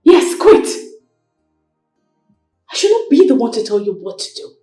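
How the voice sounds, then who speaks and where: A high, distressed young queen pleads and argues in an echoey room with faint music under her. A woman plays her in a film drama, her voice pressing and defiant. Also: very animated, a little slow, mellow. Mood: angry defiant. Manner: tearful, pleading, then sharply angry. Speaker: widowed queen. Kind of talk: Nollywood film acting.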